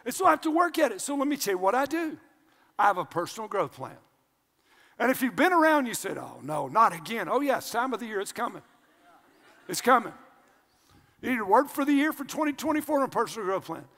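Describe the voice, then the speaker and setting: An older male pastor delivers a lively sermon in a high voice. He swings between loud shouts and hushed asides, and his voice rings out with the long reverb of a large church hall. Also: fast talker.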